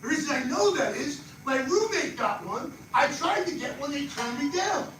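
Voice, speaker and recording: An older man with a New Jersey accent gives a live money seminar. He talks fast and animated and quizzes people in the audience. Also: extremely high pitch. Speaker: financial speaker. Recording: echoey far-off room mic with noise.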